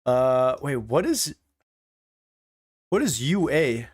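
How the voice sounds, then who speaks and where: A young man livestreaming, chatting casually with his viewers, swearing freely and thinking out loud. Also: medium pitch, very animated, slow pace, slightly rough.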